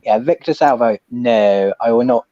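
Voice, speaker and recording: A man chatting as a guest on a watch stream, earnest and measured, with some hesitation. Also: medium pitch, dark tone, no room sound, highs cut off. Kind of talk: casual chat on a watch stream.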